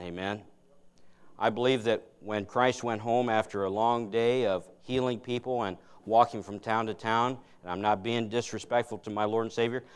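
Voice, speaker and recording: A man's voice: on the low side, smooth. A man preaching a sermon in a church. He moves from folksy, conversational storytelling into earnest preaching and prayer. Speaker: guest preacher. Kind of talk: sermon with folksy joke-telling.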